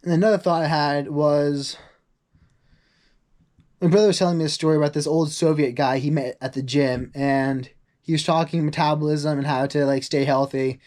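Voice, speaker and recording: A young man chats through a rambling vlog with a slightly high-pitched voice. He fills his talk with "like" asides. When he quotes other people, he acts them out in a higher voice. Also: fairly even intonation, normal speed, darkish tone. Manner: chatty, rambling, full of "like" asides. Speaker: vlogger. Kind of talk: casual vlog monologue.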